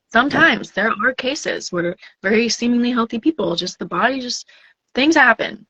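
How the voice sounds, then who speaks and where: A woman talks earnestly and reflectively about spiritual things in a relaxed podcast chat. The sound is dry and a little dull. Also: medium pitch, husky, no room sound. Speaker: death doula guest. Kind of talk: casual podcast conversation.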